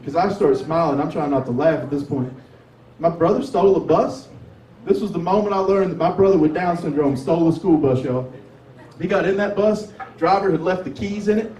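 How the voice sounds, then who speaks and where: A Tennessee stand-up comedian with a Southern accent does an open mic set at a lightly attended sports bar, drawling conversationally and swearing freely. His voice is on the high side, fairly quick and a little mellow. A 360 camera across the room picks him up distantly, with bar echo.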